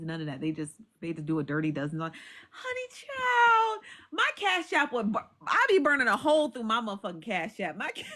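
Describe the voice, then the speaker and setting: A woman's voice: lowish voice, fairly bright tone. A woman chatting casually on a live stream, swearing freely, repeating herself and often breaking into laughter. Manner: profane, repetitive, laughs often.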